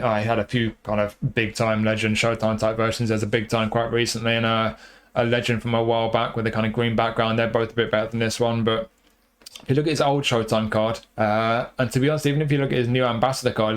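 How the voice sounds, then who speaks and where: A man casually reviewing football game player cards, rambling and repeating himself with lots of fillers. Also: mid-range voice. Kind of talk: casual commentary over gameplay.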